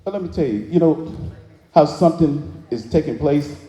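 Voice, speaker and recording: Brief: male speaker, very mellow dark tone, preacher-like call-and-response, big echoey hall. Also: on the high side, expressive, moderate pace. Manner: preacherly call-and-response, drawling Southern phrasing. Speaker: motivational speaker. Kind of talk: live inspirational speech to an audience. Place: large hall with audience.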